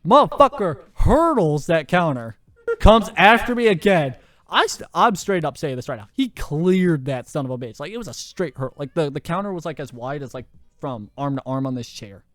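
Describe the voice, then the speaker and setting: A man's voice: a little high, normal speed, no echo, studio quality. Young man telling a wild story. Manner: animated, swears a lot, laughs through his story. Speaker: podcast host. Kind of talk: casual storytelling.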